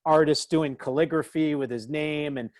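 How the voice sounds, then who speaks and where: A man guest telling lively anecdotes in casual talk, acting out other people in a raised voice. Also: a little high, normal speed, no room sound. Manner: animated, acts out quotes in raised voice. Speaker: interview guest, author. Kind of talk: casual storytelling.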